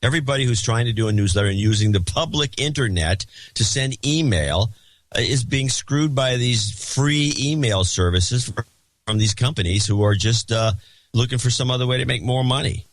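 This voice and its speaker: A man's voice: mid-range voice, normal speed, no room sound. A man co-hosting a podcast in casual chat, blunt and sardonic. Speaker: podcast co-host.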